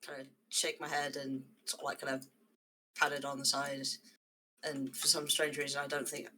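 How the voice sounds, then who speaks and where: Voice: medium pitch, completely flat delivery, normal speed, pushed and bright. A tabletop game player hesitantly describing what their character does.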